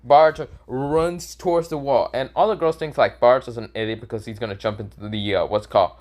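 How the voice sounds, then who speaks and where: A man's voice: mid-range voice, fairly even intonation, fairly quick, a little mellow. A young man telling an improvised fan-fiction story, rambling with lots of fillers and frequent swearing.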